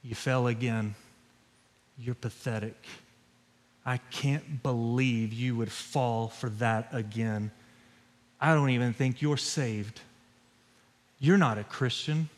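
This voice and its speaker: A man voicing a taunting devil who whispers accusations, low and hushed in long reverb. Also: fairly even intonation, takes it slowly, long pauses, lightly acted. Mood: sneering.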